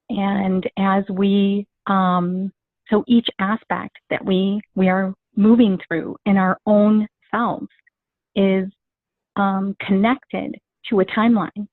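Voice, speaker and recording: A woman's voice: mid-range voice, no room sound. A woman guest telling a personal story in casual chat, rambling and acting out the dialogue she quotes. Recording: tinny phone-like dry sound.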